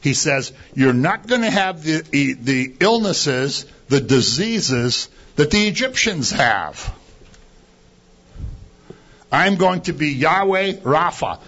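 A man delivers a conversational sermon, slipping into quoted complaints and asking rhetorical questions. His voice sits a bit high and swings widely in pitch. The recording sounds dull and lo-fi. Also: sing-song, slow pace, fairly bright tone. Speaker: preacher.

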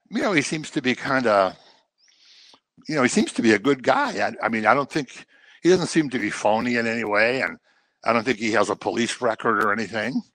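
A man's voice: mid-range voice, sharp tone, no room sound. A man teaching through a Bible passage verse by verse, conversational and explanatory with humorous asides.

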